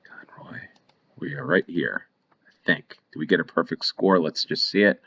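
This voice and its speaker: Very deep-voiced man commentating a game. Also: normal speed, vocal fry, pushed and bright, slightly rough. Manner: thinks aloud, rambling with restarts. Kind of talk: casual play-along commentary.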